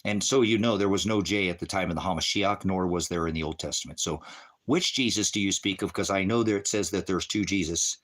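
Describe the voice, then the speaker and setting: A man on a livestream, ranting about scripture at his chat, swearing and taunting, dropping from low mutters to high shouts. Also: a little fast. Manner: profane, taunting, mocking laughter. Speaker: livestream preacher. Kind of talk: heated livestream rant at chat.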